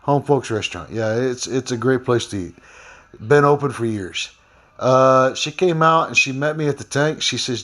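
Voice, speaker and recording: A man's voice: mid-range voice, lively intonation, moderate pace, a bit bright. Rambling man ranting to camera. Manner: rambling, frequent fillers and restarts; aggrieved. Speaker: former delivery driver. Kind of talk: casual vlog rant.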